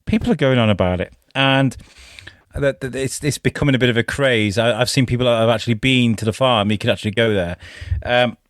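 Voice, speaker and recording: A man's voice: mid-range voice, brisk, no echo, studio quality. A man co-hosting a podcast, joking around and swearing freely in casual chat. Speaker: podcast co-host.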